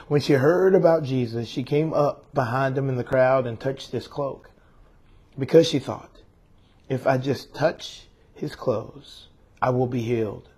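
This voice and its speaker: A man's voice: medium pitch, a little mellow, slightly rough. Earnest preacher, male, reads scripture, then talks to the congregation with questions. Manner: earnest, emotional, rhetorical questions to listeners. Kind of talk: scripture reading and sermon.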